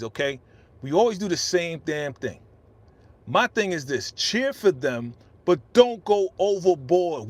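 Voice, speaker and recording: A man's voice: on the high side, fairly bright tone. A middle-aged man hosting a casual live-stream reaction, ranting with feeling and reading out viewer comments on a podcast microphone. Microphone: podcast studio microphone.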